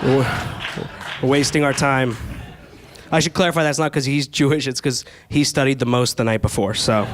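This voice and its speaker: A young man performing a stand-up comedy set on a club stage, telling stories with quoted back-and-forth exchanges. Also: mid-range voice. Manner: animated storytelling with quoted exchanges.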